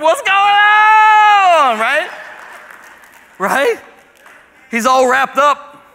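High, bright-voiced preacher in a hall. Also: male voice. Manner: swings from quiet asides to loud preaching shouts. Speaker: pastor. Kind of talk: sermon. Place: church sanctuary.

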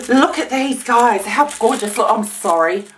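A woman chatting casually to camera while unboxing a gift parcel, gushing and gasping with excitement. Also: a little high, takes it slowly, slight background noise. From Australia. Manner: gushing, gasping, many exclamations. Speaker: vlogger.

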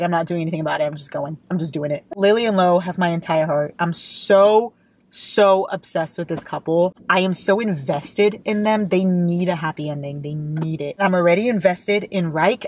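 A woman's voice: on the low side, fairly quick, darkish tone. Brief: emotional twenty-something American woman book vlogger, reads aloud, gushes and tears up, records in her car. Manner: emotional, gushing, often crying. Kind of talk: reading aloud and reacting. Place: parked car.

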